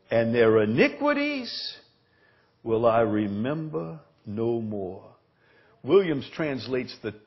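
A man preaching a sermon as pastor, moving from quiet earnest teaching to loud fervent preaching. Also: medium pitch, highs cut off. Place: church sanctuary.

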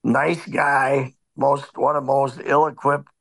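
A man's voice: mid-range voice, level tone, takes it slowly, vocal fry, a bit bright, husky. A man, a sports columnist, chatting on a podcast as a guest, telling stories in a rambling, wry and grumbling way full of fillers and restarts. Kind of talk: casual podcast chat.

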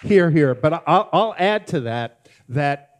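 A man's voice: on the high side, animated, takes it slowly. Hesitant male panel moderator. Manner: hesitant, many restarts. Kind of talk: panel discussion. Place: festival screening venue.

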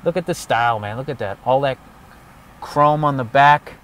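A man doing comedy as he walks a city street outdoors, ranting loudly and sarcastically and swearing constantly. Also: mid-range voice, normal speed. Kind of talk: profane ranting walking tour.

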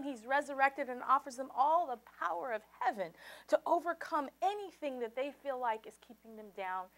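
High, bright-voiced woman pastor preaching. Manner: impassioned preaching, leads congregation in call and response; swings from soft and low to loud, high exclamations. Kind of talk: sermon.

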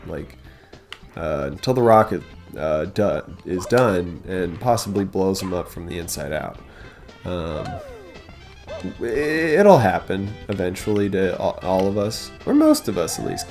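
A man hosting a casual let's play, talking to the game as he goes, excitable and swearing often. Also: sits low. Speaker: gaming channel host.

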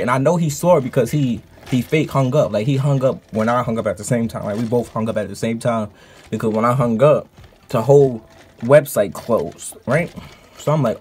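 A man who streams, telling a story in a casual, animated and profane vlog rant. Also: mid-range voice, slight background noise.

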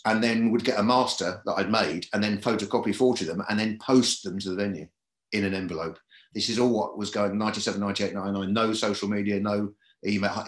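A man telling stories about his career in a podcast interview, rambling a bit and repeating phrases. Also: fairly low pitch. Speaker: comedy club booker and comedian. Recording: roomy echo.

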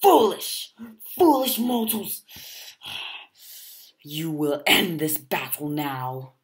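A woman voicing a bossy male commander who yells orders and threatens to shoot, in a shrill, yelling way. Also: sing-song, drawn-out words, exaggerated voice. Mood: furious.

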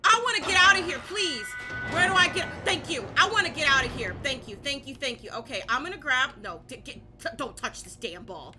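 A young woman playing a horror game and commentating, panicking, repeating herself and shouting at the game. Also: sits high, animated, a little fast, hardly any pauses, music in the background. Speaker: gaming YouTuber.

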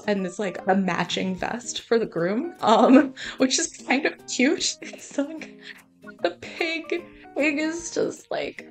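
A woman's voice: fairly high pitch, expressive, a little slow, faint music behind. A woman vlogger chatting casually through a try-on haul, rambling and filling her talk with "like" and "um". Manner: rambling, filler-heavy, uses "like" and "um" a lot.

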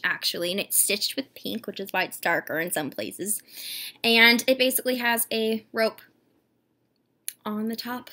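A woman vlogging an unboxing in a casual, gushing way, a little congested from a cold and often slipping into a breathy whisper. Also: on the high side. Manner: gushing and excitable. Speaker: doll collector vlogger. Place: at home with a dog.

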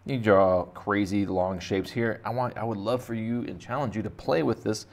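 Guy with a low voice chatting thru a kids drawing lesson, jokey, wanders off topic. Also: moderate pace. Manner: rambling, jokey, thinks aloud while drawing. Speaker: art teacher.

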